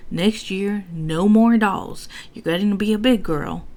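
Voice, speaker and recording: A woman doing a brash gruff grandpa. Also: mid-range voice, a little slow, a little mellow, voice pushed up, lightly acted. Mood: bossy.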